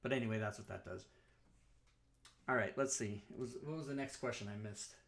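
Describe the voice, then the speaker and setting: A man hosting a live-streamed talk show, walking through software in a chatty, rambling way and often correcting himself. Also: mid-range voice, brisk, creaky.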